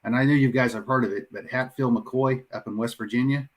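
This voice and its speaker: A man's voice: medium pitch, steady tone, a little fast. A man guest on a casual livestream, easygoing and agreeing with lots of "yeah". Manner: easygoing, says yeah a lot.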